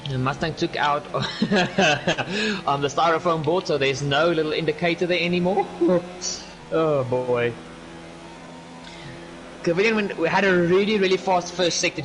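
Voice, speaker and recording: Young man, high-pitched, casual race commentary, chatty, giggly, faint hiss behind. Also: moderate pace. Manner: chatty, giggly, apologetic asides. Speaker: sim racing commentator.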